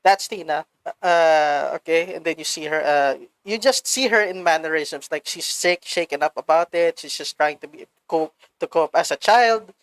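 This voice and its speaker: Animated Filipino woman, dry close sound. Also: low voice, moderate pace, few pauses, clear, resonant tone, no room sound, rough recording. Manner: animated, swears freely, mixes in Filipino words. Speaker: podcast co-host. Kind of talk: casual chat.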